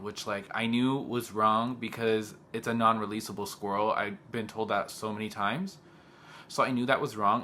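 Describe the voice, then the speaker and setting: A man's voice: lowish voice, fairly bright tone, slight background noise. A young man, a teacher, telling a personal story in a casual vlog. He talks in an agitated way, says "like" often and quotes the other people in the story. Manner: agitated, heavy use of "like", quotes others in dialogue.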